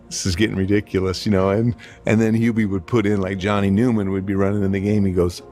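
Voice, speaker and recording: A former basketball player, a man, recounting game stories in a relaxed, matter-of-fact way. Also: fairly low pitch, fast talker, few pauses, faint music behind. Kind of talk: storytelling in an interview.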